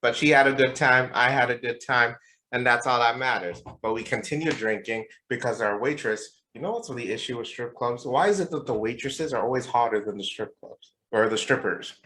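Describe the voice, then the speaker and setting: A man in his twenties hosts a casual podcast and tells party stories with loose, animated energy. He swears freely and laughs at his own tales. His voice sits right in the middle of the male range. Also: mid-range voice, a little fast. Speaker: podcast co-host. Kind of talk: casual storytelling chat.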